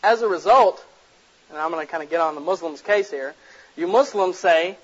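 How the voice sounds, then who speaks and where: A man's voice: fairly high pitch, moderate pace, slightly rough. Blunt, joking man giving a lecture. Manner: blunt, direct, jokey storyteller. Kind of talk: casual public lecture to an audience. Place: lecture room with audience. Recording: muffled lo-fi recording.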